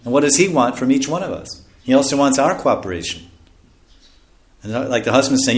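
A man's voice: medium pitch, brisk. Chuckling male preacher in an echoey room. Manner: conversational, chuckling often, dropping to soft asides. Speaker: spiritual teacher. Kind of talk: sermon.

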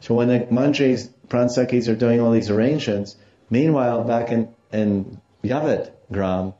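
A man's voice: mid-range voice, moderate pace, mellow, muffled recording. A man giving a devotional scripture lecture. He tells stories and explains Sanskrit terms along the way. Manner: storytelling, explaining Sanskrit terms, acts out quotes. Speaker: religious teacher.

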